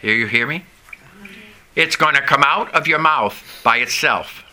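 A middle-aged man preaching a sermon, reading scripture and leading the congregation in call-and-response with dramatic pauses. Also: mid-range voice, bright, forceful tone. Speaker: pastor.

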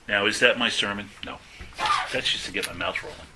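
A man's voice: fairly low pitch, fairly quick, sharp tone, a little hiss or hum, rough recording. A middle-aged man giving an informal sermon, talking conversationally and stressing words as he reads scripture aloud. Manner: conversational, self-interrupting, stresses words when reading scripture. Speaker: lay preacher.

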